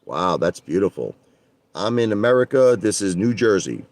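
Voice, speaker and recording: Middle-aged New man, very deep voice, dry close sound, rambling casual livestream host. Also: very animated, normal speed, darkish tone, no room sound. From Brooklyn, New York. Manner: rambling, chatty, greets viewers by name. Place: in his parked car.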